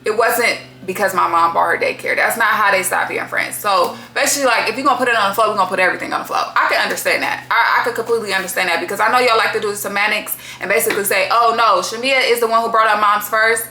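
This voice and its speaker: A woman's voice: medium pitch, rapid-fire, few pauses, pushed and bright, roomy sound. A woman hosting a casual reality-TV recap, talking bluntly with lots of profanity and strong opinions. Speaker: TV recap host.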